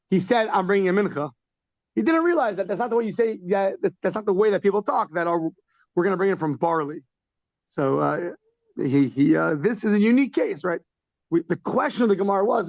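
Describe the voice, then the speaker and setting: A man with a fairly high voice teaches a daily Talmud class. He reads Aramaic phrases, then breaks them down in relaxed, conversational English, often asking questions aloud. The sound is close and dry. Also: no echo. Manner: animated questioning with short laughs. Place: class held in person and over a video call.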